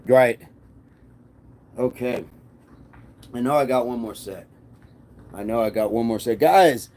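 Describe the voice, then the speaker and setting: Mellow-voiced man chatting through a workout. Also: medium pitch, a little slow, pauses often. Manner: reads viewer comments aloud and answers them warmly; encouraging and upbeat. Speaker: fitness livestream host. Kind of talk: casual live chat while working out.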